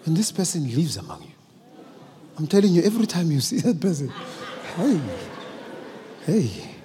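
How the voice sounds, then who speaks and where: A man's voice: a little high, very animated, unhurried, pauses often, a little mellow, slightly rough. A man preaching a sermon as bishop at a church service, emphatic and repetitive, calling out to the congregation. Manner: emphatic, repetitive, call-and-response. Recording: long church reverb.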